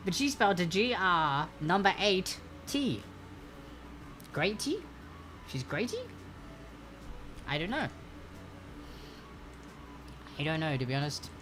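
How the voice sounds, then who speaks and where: A woman with a lowish voice hosts a live online trivia night. She chats with players between questions, bubbly and quick to laugh. A faint hiss sits under her home stream. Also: very animated. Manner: bubbly, laughs often, playful asides. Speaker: trivia quiz host.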